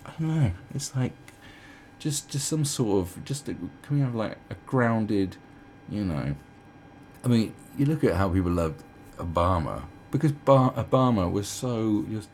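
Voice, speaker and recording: A man's voice: fairly low pitch, animated, unhurried, darkish tone, slight background noise. A man in his twenties or thirties ranting about politicians in a casual, sarcastic, profane monologue, slipping into mocking impressions. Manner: sarcastic, mocking, profane, does mocking quoted voices. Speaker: commentary channel host. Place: indoors at home.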